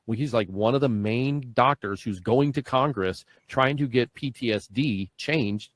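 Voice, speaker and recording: Podcast host: a man in his 40s, animated storyteller who acts out dialogue, dry close mic. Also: mid-range voice, a little slow, no room sound. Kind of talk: casual podcast conversation.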